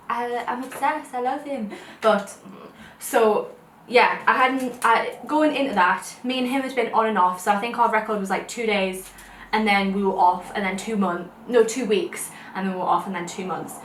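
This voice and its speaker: A woman's voice: medium pitch, fairly bright tone, a little hiss or hum. A young British woman vlogger, chatting and telling stories while eating, rambling with laughs. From United Kingdom. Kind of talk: casual mukbang chat. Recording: roomy sound from a distant mic.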